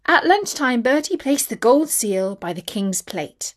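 A woman narrating a children's story in a gentle, expressive way. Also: fairly high pitch, unhurried, few pauses.

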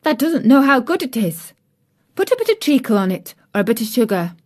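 A woman's voice: fairly high pitch, sing-song, a little fast, pitched above the performer's own voice. A woman voicing a cheerful, chatty young serving girl, homely and outspoken. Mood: incredulous.

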